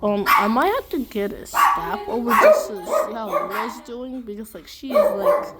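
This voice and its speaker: A woman's voice: fairly high pitch, wildly swooping pitch, normal speed. A young woman vlogging casually at a dog shelter, chatty and coaxing as she talks to the dogs. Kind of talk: casual vlog narration. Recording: loud background noise.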